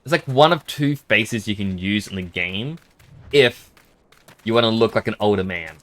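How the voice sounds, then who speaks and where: A man's voice: lowish voice, animated, moderate pace. A chatty man with an Australian accent giving casual commentary while streaming a game and thanking viewers.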